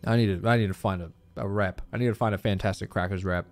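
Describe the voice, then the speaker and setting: A man chatting to his viewers during a live game stream, animated and swearing freely. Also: fairly low pitch, quick pace. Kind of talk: live gameplay stream chat.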